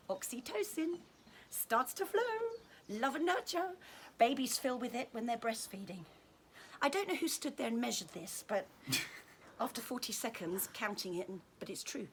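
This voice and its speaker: A fairly high-voiced woman talks through a touch-therapy demonstration in a gentle, chatty way, tossing in little jokes as she goes. There is a faint hiss of noise behind her voice. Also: animated, moderate pace. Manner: gentle, friendly, joking asides. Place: indoors at home during lockdown.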